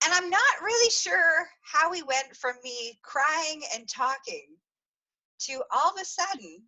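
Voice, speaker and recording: Bright, lively woman podcast host. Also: sits high, unhurried, low-quality recording. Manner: chatty, giggly storytelling with frequent laughs; rambling with many restarts and fillers. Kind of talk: confessional podcast storytelling.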